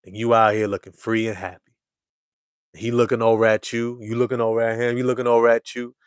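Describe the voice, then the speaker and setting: A man hosting a casual basketball fan show, talking to his live chat in animated slang and repeating lines for emphasis. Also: fairly quick, smooth, no room sound. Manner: animated storyteller, swings from loud hype to low murmur. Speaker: sports show host.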